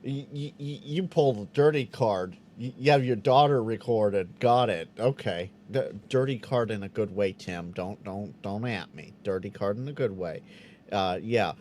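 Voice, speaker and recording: A man hosting a casual live Q&A stream, reading out chat questions and answering them with quick restarts. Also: on the low side, a little hiss or hum. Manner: animated, stammering restarts, acts out quoted voices.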